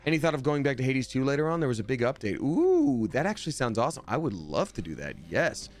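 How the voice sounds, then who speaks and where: A man's voice: mid-range voice, wildly swooping pitch, fast talker, darkish tone. Guy streamer talking through a spooky game, jokey chatty commentary, normal mid voice. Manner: chatty and jokey, reading out chat messages. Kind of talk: live gameplay commentary.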